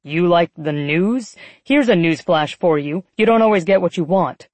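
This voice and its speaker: A woman's voice: on the low side, lively intonation, moderate pace, darkish tone, dry recording, natural voice. A woman voicing a cold, arrogant male newsroom boss who talks in a clipped, menacing, condescending way.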